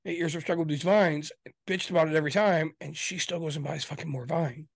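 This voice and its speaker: A man's voice: a little high, fairly even intonation, quick pace, gravelly, no echo. A man with a Michigan accent, co-hosting a podcast in casual chat, exasperated and swearing a lot as he rants, laughing often. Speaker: podcast co-host.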